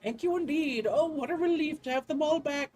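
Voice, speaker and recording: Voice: sits high, a little fast, a little mellow, soft background music, voice pushed up, lightly acted. A player reads game dialogue aloud in a put-on voice as a genteel, chatty male professor with polite old-fashioned phrasing. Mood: earnest. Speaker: gaming video creator.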